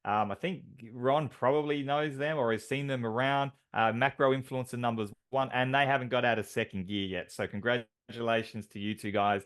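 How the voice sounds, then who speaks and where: A man's voice: mid-range voice, fairly even intonation, normal speed, hardly any pauses, a bit bright, smooth. Chatty man announcing team awards. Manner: enthusiastic, filler-heavy, driving metaphors. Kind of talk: upbeat team call.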